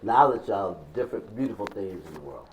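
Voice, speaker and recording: A talk show host who calls out loud encouragement and cheers guests on in casual banter. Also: low voice, animated, a little fast, over a noisy crowd, low-quality recording.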